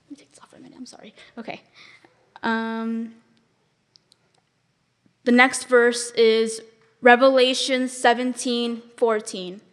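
A woman's voice: on the high side, little pitch movement, a little slow, long pauses, fairly bright tone. Young woman with a stutter reading scripture. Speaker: scripture reader.

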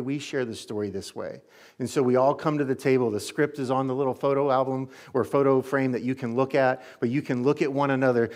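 A male pastor preaching a sermon and leading prayer, earnest in manner. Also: mid-range voice. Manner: earnest, leads a closing prayer.

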